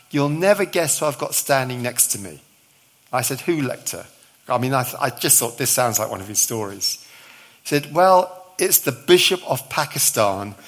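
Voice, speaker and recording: A man's voice: mid-range voice, fairly bright tone. A middle-aged male visiting preacher giving a sermon, telling a story with acted-out dialogue and touches of humour.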